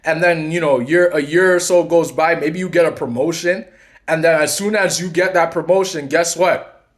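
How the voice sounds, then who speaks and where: A man's voice: fairly high pitch, moderate pace. Rambling man talking to camera. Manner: rambling, full of "you know" and restarts; acts out quoted lines in his telling. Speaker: channel host and coach. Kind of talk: casual monologue.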